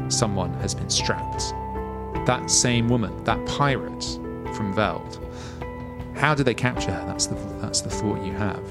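A man narrating a tabletop role-playing game as game master, in a measured, descriptive way. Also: on the low side.

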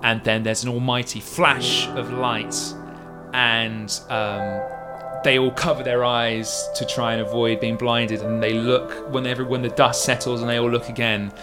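A man narrating a tabletop role-playing game as game master, descriptive and halting, with music behind. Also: medium pitch, level tone.

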